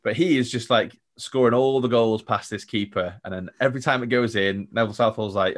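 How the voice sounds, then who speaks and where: A man's voice: mid-range voice, quick pace, a bit bright. A man co-hosting a casual football podcast, chatty and jokey, laughing often and acting out quotes. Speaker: podcast co-host.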